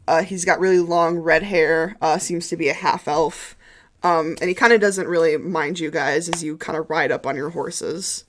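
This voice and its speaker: A young woman narrating a tabletop game as game master, hesitant and filling pauses with ums. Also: low voice, fairly even intonation. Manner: hesitant, full of ums and kinda. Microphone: streaming headset or desk mic.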